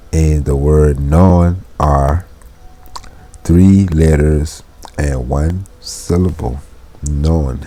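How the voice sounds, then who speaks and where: Deep, dark-voiced man, unhurried; reads Latin slowly, then explains it informally. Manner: informal, chuckles while explaining. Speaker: Latin teacher. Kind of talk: casual Latin lesson.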